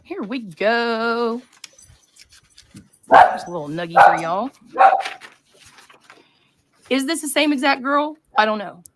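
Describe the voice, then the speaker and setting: A woman's voice: a little high, expressive, takes it slowly, long pauses, noisy background. A woman hosting a live stream, talking to her chat in a rambling, conspiratorial way and often interrupting herself. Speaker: livestream host.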